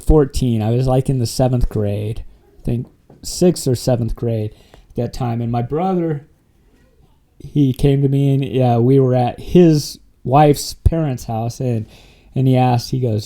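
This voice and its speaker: A man's voice: mid-range voice, measured pace, mellow. A man telling his life story as an interview guest, rambling and laughing often, with many fillers and restarts. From Wyoming and Montana, USA. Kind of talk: casual conversational storytelling.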